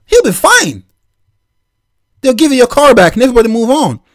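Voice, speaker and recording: A man's voice: very high voice, wildly swooping pitch, a little fast, dry recording, clean studio sound. A man from Nigeria hosting a reaction video, giving opinionated, lecturing commentary on a clip.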